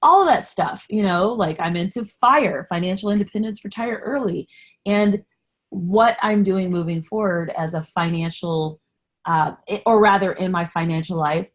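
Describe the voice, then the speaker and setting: A woman's voice: lowish voice, normal speed. A woman hosting a solo podcast in a candid, chatty way, sarcastic about herself and passionately encouraging. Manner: animated, encouraging, gets passionate. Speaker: podcast host. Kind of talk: casual solo podcast talk.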